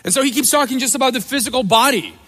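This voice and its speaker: High-voiced male pastor preaching in a hall. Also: racing. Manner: emphatic, animated preaching with playful asides. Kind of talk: sermon.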